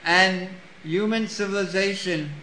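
A man's voice: high voice, fairly even intonation, unhurried, sharp tone, slight background noise. Man preaching in an echoey room. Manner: storytelling with acted-out voices. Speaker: spiritual teacher. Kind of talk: sermon reading and commenting on scripture.

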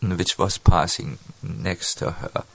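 A man telling a devotional story in a sermon, halting, with many fillers and restarts. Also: deep voice, creaky, husky, dry recording. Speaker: spiritual speaker.

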